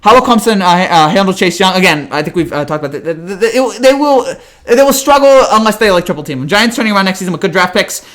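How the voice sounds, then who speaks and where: A hyper young man answering chat on a live stream, rattling off words at a sprint. His voice sits high, and he often trips into restarts. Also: animated, fairly bright tone. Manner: hyper, rapid, full of restarts and stumbles.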